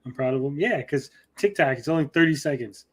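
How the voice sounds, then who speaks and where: A man hosts a laid-back livestream after-show, reading viewer comments and riffing on them. He is blunt and jokey, with plenty of casual swearing, at an ordinary middle pitch. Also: animated, fairly quick, fairly bright tone, breathy edge. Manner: blunt, joking, swears freely. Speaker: show host reading chat.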